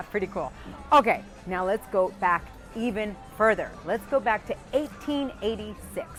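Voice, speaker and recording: A woman's voice: mid-range voice, a little slow, a bit bright, faint music behind. A woman hosting a show outdoors on a busy street, bubbly and laughing often. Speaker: host. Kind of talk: lively presenting to camera.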